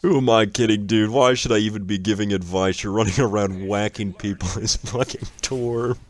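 A man's voice: fairly low pitch, steady tone, normal speed. A young man casually commenting on someone else's gameplay, exasperated, swearing and laughing often.

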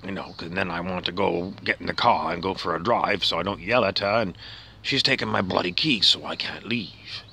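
A man's voice: low voice, normal speed, creaky, pushed and bright, slight background noise, full character voice. A man playing a rambling, grumpy middle-aged outback husband, talking himself through his gripes and sometimes muttering. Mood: musing. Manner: rambling, self-questioning, drops to a muttering whisper. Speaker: comedian. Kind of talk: comic character monologue.

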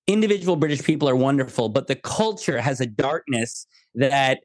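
An American man speaking as a guest on a remote interview, animated and jokey, full of quoted asides. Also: medium pitch, moderate pace, no echo. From United States. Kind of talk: podcast interview.

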